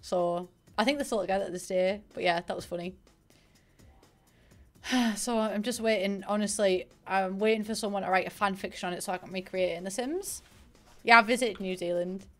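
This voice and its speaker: Casually chatting on a gaming stream, this young woman with a Northeast English accent rambles through a story and thanks viewers; she's from northeast England. She speaks at a medium pitch and a fairly quick pace, with faint piano music behind her.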